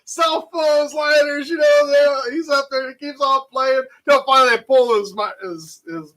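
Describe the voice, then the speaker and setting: A man casually telling a long, animated story full of fillers and restarts. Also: very high voice, moderate pace, raised voice, rough recording. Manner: animated, rambling anecdote with frequent fillers. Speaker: channel host.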